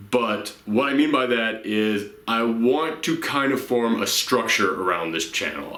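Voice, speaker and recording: A young man hosting his own YouTube channel talks to his viewers late at night in a casual vlog, unscripted and earnest, a little tired and rambling. His voice is fairly low, pushed and bright, with a roomy sound.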